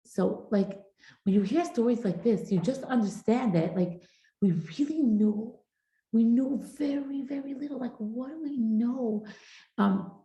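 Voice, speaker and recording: A woman's voice: on the high side, a little slow, warm tone, echoey room, lo-fi sound. A middle-aged woman teaching a parenting class in a chatty, informal way, mixing Hebrew and Yiddish terms into her talk.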